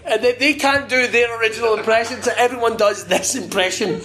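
A male wrestling commentator chatting casually as an interview guest, animated, swearing freely and laughing often. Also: extremely high pitch, brisk.

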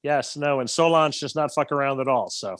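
A man's voice: medium pitch, brisk, a bit bright. A man calling in as a remote guest, giving dry, wry answers in casual chat.

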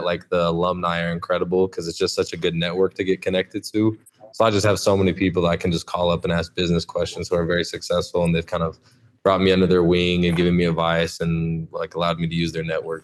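A man in his twenties, a podcast guest, chatting in a relaxed way and often saying "like". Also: low-pitched. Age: 20s. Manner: relaxed, lots of "like" fillers. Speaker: podcast guest, college athlete. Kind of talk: casual interview chat.

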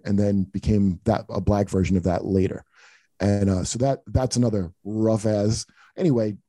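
A man's voice: lowish voice, warm tone, dry recording. A middle-aged man, a comedian hosting a podcast, telling profane, rambling anecdotes full of restarts in casual chat.

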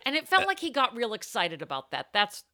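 Bright, lively-voiced woman telling stories. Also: on the high side, fairly quick, dry recording, clean studio sound. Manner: chatty, laughs often, animated when telling anecdotes. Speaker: podcast co-host. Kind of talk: casual chat, storytelling.

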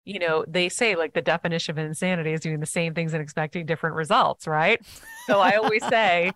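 A woman's voice: on the low side, fairly quick, fairly bright tone, dry recording. A woman speaking as a podcast guest, telling stories earnestly and acting out what others said. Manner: earnest, storytelling, acts out quotes. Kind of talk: casual interview talk.

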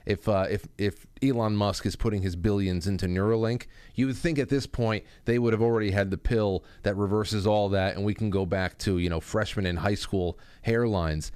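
A man's voice: lowish voice, steady tone, normal speed, hardly any pauses, a little mellow, smooth, no room sound. A middle-aged man hosting a casual call-in talk show, chatty and reading listener stories aloud. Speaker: radio talk show host.

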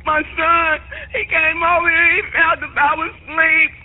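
Distressed caller, woman, sobbing and begging, very high voice through a noisy phone line. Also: level tone, measured pace. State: crying, panicked. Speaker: caller reporting a death. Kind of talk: frantic emergency call.

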